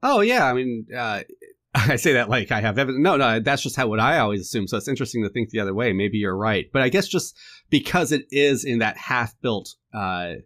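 A man's voice: medium pitch, animated, brisk, a bit bright. A man co-hosting a casual film podcast, musing and self-deprecating, laughing often. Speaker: podcast co-host. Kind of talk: casual film-discussion chat.

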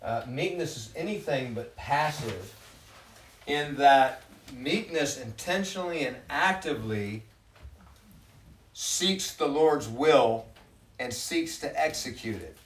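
A man's voice: mid-range voice, animated, takes it slowly, distant mic. Man teaching scripture in a roomy room. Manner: reads scripture aloud and expounds it, conversational. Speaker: Bible study leader. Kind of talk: Bible study teaching. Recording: roomy sound from off-mic.

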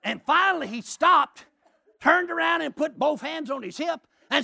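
A middle-aged man preaching a sermon as a lively story, often shouting and laughing as he tells it. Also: extremely high pitch, normal speed, vocal fry.

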